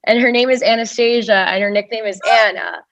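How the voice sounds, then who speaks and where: A woman's voice: on the high side, steady tone, a little fast, fairly bright tone. A young woman in her twenties from Russia, a stand-up comedian chatting as a podcast guest in a rambling way full of fillers. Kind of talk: casual podcast interview. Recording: dull, dry lo-fi sound.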